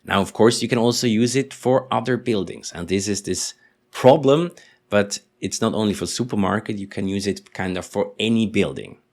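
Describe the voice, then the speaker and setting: A man teaching in English, explaining patiently and slowly repeating example sentences. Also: on the low side. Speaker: German teacher. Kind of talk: language lesson explanation.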